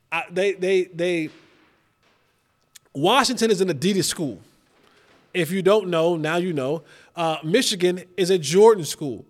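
A man in his thirties hosting a casual sports talk show, animated and joking, repeating himself as he rants. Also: fairly high pitch. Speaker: podcast host.

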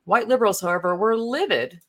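A woman's voice: medium pitch, brisk, heavy background noise. A young woman giving casual, rambling commentary on online posts, indignant and profane, with many fillers. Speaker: political commentary streamer. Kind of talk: casual ranting commentary while browsing posts.

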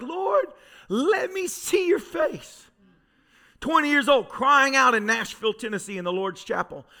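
Pastor guy preaching in church, really high voice, fired up, gets quiet then yells. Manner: fervent, storytelling preacher who swings from soft to shouting. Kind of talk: sermon. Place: church sanctuary.

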